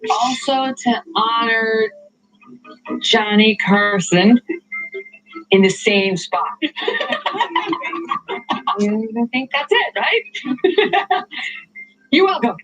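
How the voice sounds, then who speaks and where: Woman TV host, bubbly, self-mocking, fairly high voice, lively swooping pitch, studio tour. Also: very slow, long pauses, over music, poor audio. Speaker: talk show host. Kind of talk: playful on-location TV segment. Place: TV studio and halls, touring on foot.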